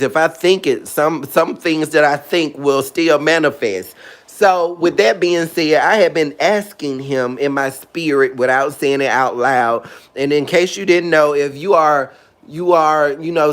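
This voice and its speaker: Animated video host, male, a bit high-pitched, talks faith in a chatty casual way. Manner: animated, chatty, calls listeners honey and girl. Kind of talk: casual talk about faith to viewers.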